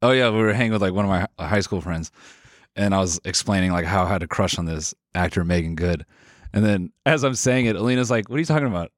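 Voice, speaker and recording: A man co-hosting a podcast, trading deadpan one-liners in casual chat. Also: deep voice, fast, no room sound, clean studio sound. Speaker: podcast co-host.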